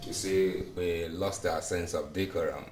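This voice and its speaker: An actor with a Nigerian accent playing a friend who firmly scolds and reasons with the husband. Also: male voice, low voice, steady tone, unhurried, a little mellow, reverberant, slight background noise. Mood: earnest. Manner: firm, scolding. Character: blunt friend defending his girlfriend.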